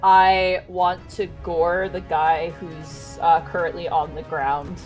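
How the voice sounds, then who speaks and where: A woman player describing her monster character's actions in a tabletop game, in drawn-out phrases with fillers. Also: fairly low pitch, little pitch movement, a little mellow, faint music behind, poor audio.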